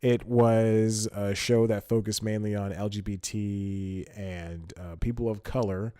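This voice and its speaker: A man's voice: fairly low pitch, fairly even intonation, measured pace, warm tone. A man hosting a solo podcast in casual commentary, chatty, thinking aloud and laughing often. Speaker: podcast host.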